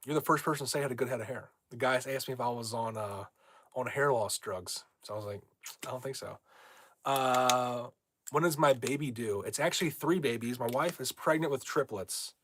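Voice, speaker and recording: A man's voice: medium pitch, normal speed, fairly bright tone, a little hiss or hum. Brash young man chatting on a livestream. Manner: brash, rambling, reads viewer comments aloud. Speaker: livestream host. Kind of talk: casual livestream chat.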